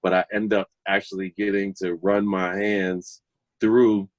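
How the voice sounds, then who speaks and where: A middle-aged man, a guest DJ, telling stories casually, animated and confident, laughing often. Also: low voice, a little slow, no room sound, faint music behind. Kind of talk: casual storytelling.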